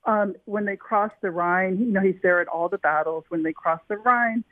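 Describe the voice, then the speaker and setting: A woman author tells a wartime story to an interviewer with eager energy, often restarting her sentences. Her voice comes down a tinny, dry phone line. Her pitch sits in the middle range. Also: moderate pace, no echo. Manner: eager, with frequent restarts and fillers. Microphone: telephone.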